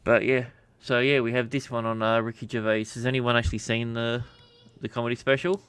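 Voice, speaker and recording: A man's voice: mid-range voice, flat delivery, brisk, a bit bright, slight background noise. A man hosting a casual podcast chat, talking hesitantly with many restarts.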